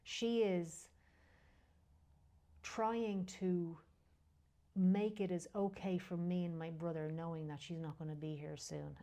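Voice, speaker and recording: Heartfelt woman with a low, warm voice. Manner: emotional, heartfelt, drops to a near whisper at times; frank, occasionally swears. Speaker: guest. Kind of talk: candid personal conversation.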